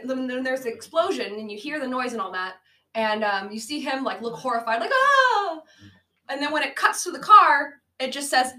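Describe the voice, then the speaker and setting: A woman co-hosting a casual podcast, retelling a bad movie with frequent laughter and animated acted-out quotes. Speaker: podcast co-host. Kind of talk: casual movie-roast chat. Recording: low-quality amateur audio.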